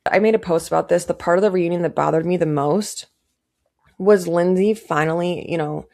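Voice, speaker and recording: A woman's voice: on the low side, normal speed, gravelly, a little mellow. A young woman giving casual, indignant commentary to camera, stressing her points by repeating them. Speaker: pop culture commentator.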